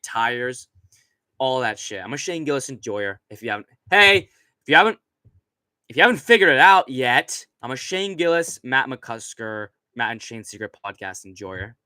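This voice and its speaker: A young man rambles through a casual late-night stream from his computer, swearing and using plenty of fillers. His mid-range voice has a sharp tone, lively intonation and a moderate pace. The desk mic sits right in front of him, giving smooth sound with no echo.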